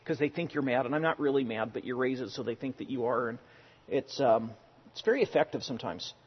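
A man preaching a sermon in a conversational way, telling personal stories, sometimes loud and sometimes hushed. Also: medium pitch, fast, breathy edge, long reverb tail, lo-fi sound. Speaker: pastor.

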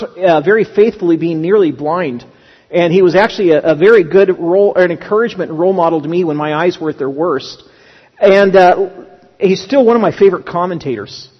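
A man with a high voice preaches a sermon in a church sanctuary. He tells stories in a loose, conversational way, often restarting phrases. The sound is dull and lo-fi, with a long reverb trailing his words. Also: husky. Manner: conversational storytelling with frequent restarts. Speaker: pastor.

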